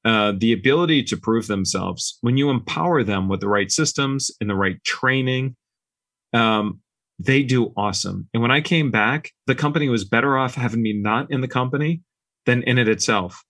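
A man's voice: medium pitch, normal speed, no room sound. A man casually telling stories from running his company, acting out the dialogue as he goes. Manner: relaxed, anecdotal, acts out quoted dialogue. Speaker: business owner guest. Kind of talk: casual podcast storytelling.

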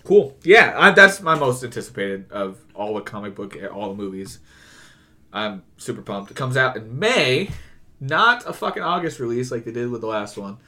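A man's voice: mid-range voice, moderate pace. Young dude on a movie podcast, voice jumps all over, swears constantly, restarts his sentences. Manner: animated, profane, stumbles over words. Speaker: podcast co-host. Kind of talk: casual movie chat.

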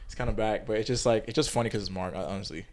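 Fast-talking young man telling stories. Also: lowish voice, darkish tone, slight background noise. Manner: rapid, storytelling, slangy with lots of restarts. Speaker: podcast co-host. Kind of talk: casual chat.

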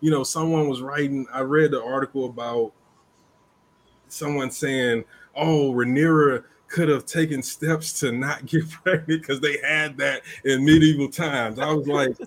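A man in casual podcast chat with a middle-pitched voice. He talks emphatically, and his pitch leaps up sharply whenever he drives a point home. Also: measured pace. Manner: animated, emphatic, jumps up in pitch to stress points.

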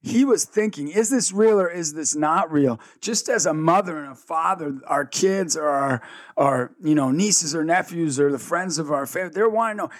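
Gravelly, energetic male storyteller. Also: on the high side, dry recording. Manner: energetic, fast-shifting, acts out dialogue. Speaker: guest, ministry founder. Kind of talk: animated storytelling interview.

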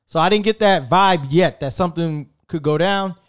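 A man in his thirties casually telling a story in an animated, slangy way, with frequent swearing. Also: fairly high pitch, normal speed, clean tone. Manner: animated, profane, slangy and conversational.

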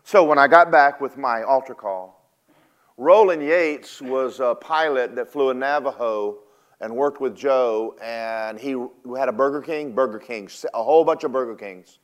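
An older man preaching a sermon, rising loud and high on key points, then dropping low and quiet to tell stories. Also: a little slow, highs cut off.

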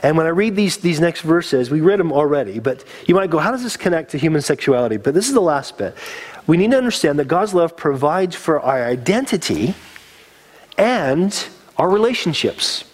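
A man's voice: fairly high pitch, sing-song, moderate pace. A man preaching a sermon as a pastor, earnest and conversational, getting teary.

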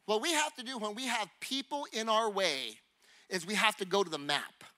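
A man preaching a sermon. He talks in a conversational, animated way, firing rhetorical questions at the congregation and acting out little scenes. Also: high voice, normal speed. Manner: acts out little scenes and honking noises.

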